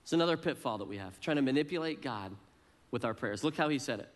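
A man's voice: mid-range voice, animated, fast. A middle-aged male pastor preaching a sermon in a conversational, self-deprecating way, often repeating words as he starts a phrase.

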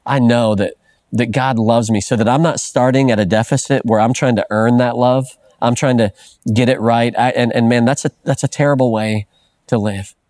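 A man's voice: mid-range voice, steady tone, moderate pace, a little mellow, dry recording, studio quality. A middle-aged man preaching a sermon in an earnest, conversational way, often restarting phrases and adding "man" as a filler. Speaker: pastor.

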